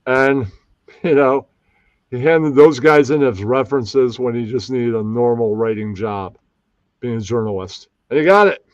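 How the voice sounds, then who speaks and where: A man's voice: mid-range voice, a little slow, no echo, highs cut off. A man hosting a casual live stream, rambling and often losing track of names. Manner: rambling, loses names, puts on mocking voices. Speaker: stream host.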